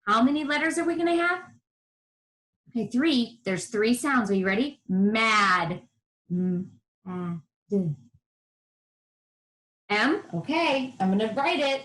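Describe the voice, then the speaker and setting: A woman with a high, slightly bright voice leads a televised first-grade lesson for young children, encouraging them and sounding out letters in a sing-song way, with a roomy echo in the recording.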